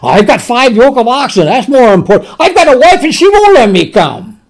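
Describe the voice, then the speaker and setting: A man preaching, briefly putting on a hurried, whiny guest making excuses. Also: very high-pitched, very animated, voice pushed up, exaggerated voice. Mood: whining.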